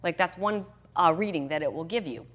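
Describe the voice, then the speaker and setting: A middle-aged woman coaching fitness and hormone health is a podcast guest, chatting casually in an interview and animatedly performing her past reactions. Her pitch is fairly low, her tone fairly bright, and her pace brisk.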